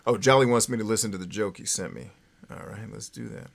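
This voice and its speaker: A creaky, lowish male voice moves at a quick clip. The man hosts an informal livestream, rambling loosely, tossing in "right?" to check in, and swearing once he gets heated, in the style of an ex-radio voice for phone numbers.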